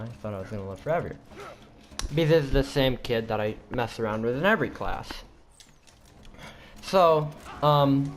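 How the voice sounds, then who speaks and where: Teen boy vlogger, mid-pitched voice, loose rambling storytelling full of self-corrections. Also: slight background noise. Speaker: student vlogger. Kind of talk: casual storytelling.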